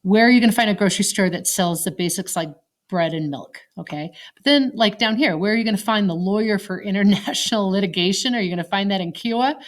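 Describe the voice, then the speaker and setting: A woman's voice: medium pitch, quick pace. Conversational woman giving an online lecture. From Colorado, United States. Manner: conversational, asks the class questions. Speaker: teacher.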